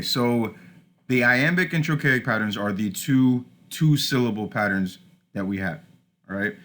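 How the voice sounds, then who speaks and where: A man's voice: fairly low pitch, a bit bright. A man teaching a class over slides, explaining step by step with frequent "all right" and "uh" fillers. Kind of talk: recorded lecture over slides.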